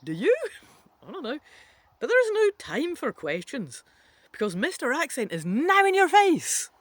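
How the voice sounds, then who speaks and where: A woman reads a choose-your-own-adventure story aloud at an unhurried pace, her pitch swooping widely. She breaks off for playful, chatty asides. The sound is dry and close. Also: huge pitch swings, no room sound. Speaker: reader of an interactive adventure book. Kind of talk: reading a gamebook aloud with asides.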